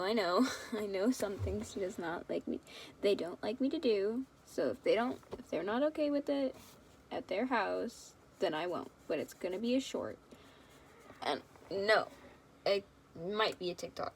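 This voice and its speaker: A woman's voice: medium pitch, lively intonation, unhurried, slight background noise. A young woman rambling and giggling affectionately as she chats casually to her viewers at home. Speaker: fan video creator.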